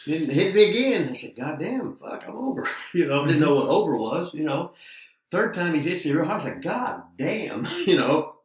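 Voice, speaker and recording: Older male veteran, gruff and cussing, slightly high voice, echoey studio. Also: expressive, brisk. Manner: blunt, profane, gruff storyteller. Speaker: veteran wrestling trainer guest. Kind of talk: casual podcast chat. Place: podcast studio. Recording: roomy echo.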